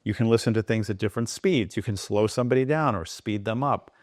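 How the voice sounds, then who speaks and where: A man speaking as a podcast guest, animated and digressive, talking in quick bursts. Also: lowish voice, dry recording, clean studio sound. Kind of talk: conversational interview.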